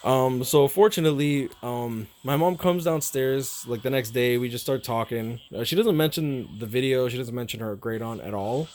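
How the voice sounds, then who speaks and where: Young male streamer, mid pitch, rambling, emotional, curses casually, faint hiss behind. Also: darkish tone. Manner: rambling, repeats himself, swears freely; emotional, halting. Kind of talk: casual storytelling to viewers.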